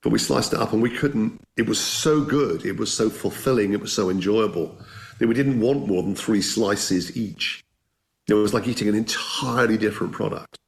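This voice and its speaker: A man's voice: on the low side, moderate pace, gravelly. A man telling anecdotes as an interview guest, enthusiastic and conversational, often restarting his sentences. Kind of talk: anecdotal storytelling.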